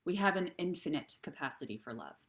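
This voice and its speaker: Female host with a low voice, earnest and encouraging, speaks to camera for a live online show. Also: animated, fast talker, fairly bright tone. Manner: earnest, encouraging, addresses viewers directly. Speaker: host and therapist.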